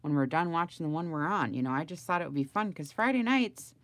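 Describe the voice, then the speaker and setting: A woman's voice: sits low, lively intonation, fast talker, no echo. Chatty middle-aged woman livestreaming crafts. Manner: chatty and rambling, greets viewers by name, laughs often. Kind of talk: casual livestream chat with viewers.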